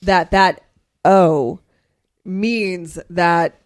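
A woman co-hosting a casual podcast, talking about a film with enthusiasm, halting and repeating words as she goes. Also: on the low side, no echo. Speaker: podcast co-host. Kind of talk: casual chat, film discussion.

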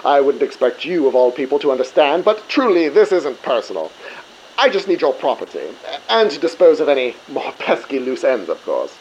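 A man's voice: fairly high pitch, huge pitch swings, normal speed, slight background noise, poor audio. A man playing a smug scheming villain. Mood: smug menace. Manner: condescending, mocking. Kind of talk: audio drama acting.

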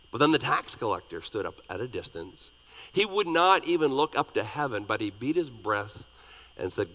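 A man preaching a sermon, reading scripture dramatically and talking plainly to the congregation, with big swings between loud and soft. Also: medium pitch, very animated, normal speed, long reverb tail, rough recording. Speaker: pastor.

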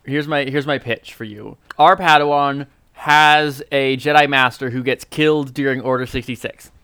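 A man co-hosting a podcast, chatting in a wry, joking way and thinking aloud as he goes. His voice is bright and smooth, and the sound is dry and close. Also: medium pitch, fairly even intonation, moderate pace, no echo. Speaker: podcast co-host. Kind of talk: casual chat.

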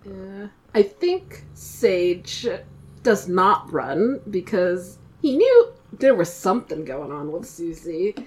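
A woman's voice: on the low side, sing-song, takes it slowly, a little mellow. A woman describing her character's actions as a tabletop game player, hesitant and full of "uh" and "um". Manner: hesitant, with many "uh" and "um".

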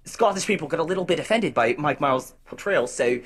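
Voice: medium pitch, expressive, brisk, close to an everyday voice. An improviser voicing a bossy, territorial ogre with a put-on New Zealand accent, rambling and mock-stern. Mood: cheery. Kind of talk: improv comedy sketch.

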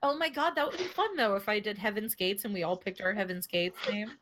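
A woman's voice: mid-range voice, fairly quick, very noisy. Woman podcast co-host, casual chatty delivery, laughs a lot. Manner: laughs often, swears casually. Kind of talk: casual chat.

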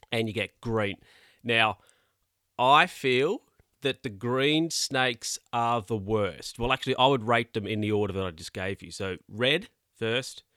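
Man, casual rambling host, bright tense tone, dry close sound. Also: fairly low pitch, clear, resonant tone, dry recording. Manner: rambling, self-correcting, incredulous. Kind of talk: casual monologue.

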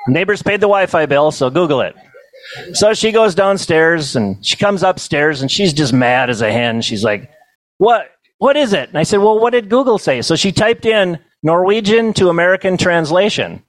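A middle-aged man telling humorous stories to a banquet audience, with a deadpan comic delivery and chuckles. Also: a little high, normal speed, no room sound. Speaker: storyteller. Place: banquet hall.

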